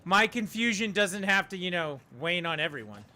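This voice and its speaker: Chatty bright-voiced man streaming a game. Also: high voice, lively intonation, normal speed. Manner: chatty, talks to his dog in a soft coaxing voice. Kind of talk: casual live-stream chat.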